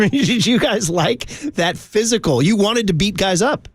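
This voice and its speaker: Upbeat sports radio host, dry studio. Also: male voice, sits high, animated, breathy edge, no room sound. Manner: enthusiastic, quick, laughing. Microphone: studio microphone.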